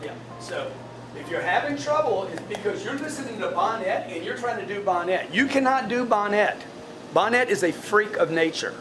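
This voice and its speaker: A man's voice: high voice, lively intonation, normal speed, music in the background. A man coaching his sales staff in a live group session, blunt and profane, often repeating words as he restarts a thought. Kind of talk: blunt motivational coaching talk to a team.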